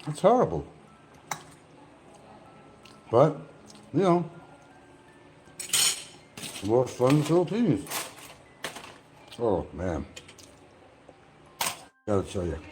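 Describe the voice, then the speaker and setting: A man's voice: on the low side, big pitch swings, drawn-out words, pauses often, background noise. A man talking casually and rambling at home while he eats, grumbling about the news between bites. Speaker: vlogger. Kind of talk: casual eating vlog chat.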